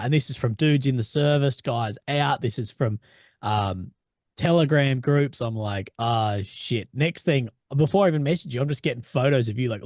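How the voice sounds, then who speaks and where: A man's voice: medium pitch, moderate pace, darkish tone, no echo, studio quality. An Australian man hosting a podcast, bantering in a laid-back way with heavy slang and swearing. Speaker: podcast host. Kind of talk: casual chat.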